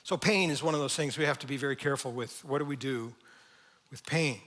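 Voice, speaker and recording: A man preaching a sermon as pastor, conversational and lively, reading scripture and acting out the quoted lines. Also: mid-range voice, a little fast. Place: church sanctuary.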